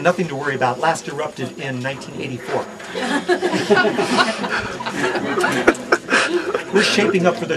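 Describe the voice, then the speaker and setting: A middle-aged man from Hawaii leads an outdoor ranger talk with a fairly high voice. He teases and quizzes the visitors as he goes. A crowd is clearly audible around him outdoors. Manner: playful, quizzes the crowd and jokes. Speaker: park ranger. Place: outdoors at a volcano viewpoint.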